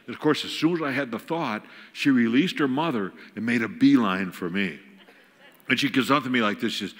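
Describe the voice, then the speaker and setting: An older man, a guest speaker, telling a humorous family story from the pulpit, animated and self-mocking as he acts out each scene. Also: mid-range voice, brisk. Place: large church auditorium. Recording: long hall reverb.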